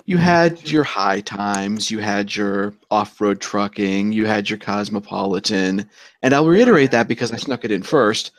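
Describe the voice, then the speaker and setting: A man hosting a casual podcast chat, telling anecdotes in an animated way, swearing casually and jumping up in pitch on punchlines. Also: normal speed, no room sound. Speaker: podcast host.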